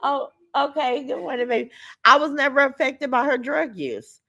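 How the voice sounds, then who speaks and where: A woman hosting a casual livestream, blunt and profane, reading viewer comments aloud and greeting them warmly. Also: sits high, lively intonation, moderate pace, gravelly. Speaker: livestream host.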